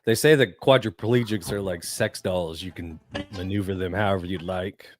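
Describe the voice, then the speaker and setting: A man's voice: low voice, normal speed, noisy background. A man co-hosting a podcast in casual banter, teasing and needling with crude jokes. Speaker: podcast co-host.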